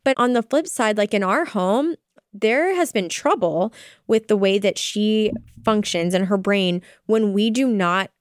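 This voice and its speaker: A young adult woman co-hosting a casual parenting podcast, lively and acting out what she tells her kids. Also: mid-range voice, a little slow, no echo, studio quality. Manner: animated, acts out quoted talk with her kids. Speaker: podcast co-host. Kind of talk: casual chat.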